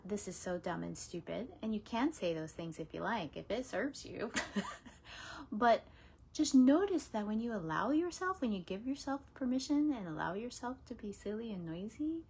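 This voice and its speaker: Gravelly husky woman coaching gently. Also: a little high, expressive, normal speed. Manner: gentle coaching, drops into whispers, playful laughs. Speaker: laughter yoga teacher. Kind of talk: casual spoken guidance.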